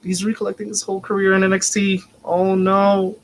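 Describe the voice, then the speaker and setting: A man co-hosting a live wrestling watch-along, reacting emotionally and excitedly as events unfold on screen. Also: high-pitched, fairly quick, slight background noise. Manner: excitable, reacts loudly and swears; anxious, emotional live commentary.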